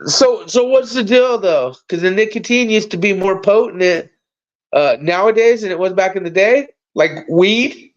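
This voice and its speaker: This livestream host is a man whose high voice moves at a measured pace. He rambles animatedly and curses as he chats casually, captured on dull lo-fi audio.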